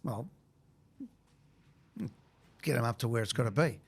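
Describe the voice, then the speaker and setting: Aussie radio host bloke, mid pitch, brisk, keeps the chat moving. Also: male voice, creaky, husky. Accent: Australian. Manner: brisk, leads the segment. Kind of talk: casual sports radio banter.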